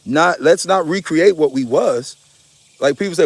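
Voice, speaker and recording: A man with a fairly high voice speaks at normal speed, with no room sound in the recording. As a spiritual speaker, he preaches emphatically and passionately, using casual slang and cursing and often saying y'all to his audience.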